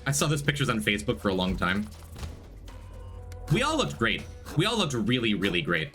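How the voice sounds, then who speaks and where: A man chatting casually on a game stream from home, his pitch swinging widely as he talks. He jumps into excited, high greetings for viewers. Faint music runs underneath. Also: a little fast. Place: home room.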